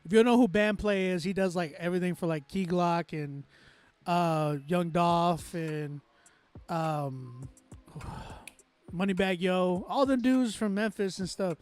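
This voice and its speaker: A man's voice: sits high, measured pace, a little mellow, clear, resonant tone, dry recording. A man from Texas, a music producer hosting a casual livestream, reading chat aloud and giving loose, talkative critique with frequent laughs.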